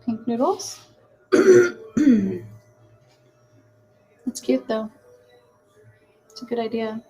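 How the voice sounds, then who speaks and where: A woman's voice: on the high side, sing-song, extremely slow, mellow, faint music behind, rough recording. A woman hosting a casual cooking livestream, chatting with herself, laughing at her mistakes and answering viewers' comments. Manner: chatty, self-mocking, reads chat aloud and answers.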